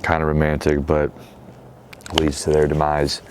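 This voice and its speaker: A man's voice: a bass voice, completely flat delivery, moderate pace, slight background noise. A man hosting his own show, casually retelling a story in slangy talk and quoting the characters as he goes. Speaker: show host.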